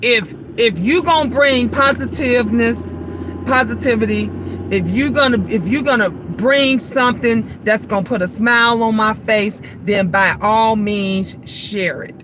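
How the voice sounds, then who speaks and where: A woman in her fifties chats casually with her viewers after work, animated, frank and blunt, acting out the voices of people she quotes. Her voice is fairly high and her pace measured, with background noise present.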